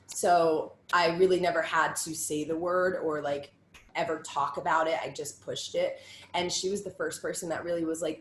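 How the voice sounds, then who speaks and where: Candid low-voiced woman, echoey room. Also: animated, a little fast. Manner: candid and raw, swears freely, stacks short phrases in lists. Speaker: panel speaker sharing survivor story. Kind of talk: personal testimony in a panel talk. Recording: roomy echo with faint background hum.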